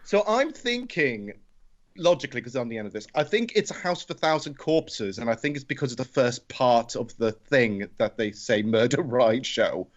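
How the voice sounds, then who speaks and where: A man's voice: mid-range voice, normal speed, muffled recording. A man playing in a podcast quiz, joking and reasoning out his guesses. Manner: animated, laughing, joking. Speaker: podcast guest, quiz player.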